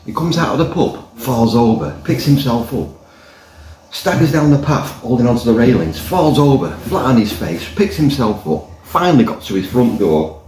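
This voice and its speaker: A man with a mid-range, slightly mellow voice swings widely in pitch as he speaks at normal speed, giving a jokey, rambling review of a pint. He's inside a pub by the fire, and the recording has roomy echo and slight background noise.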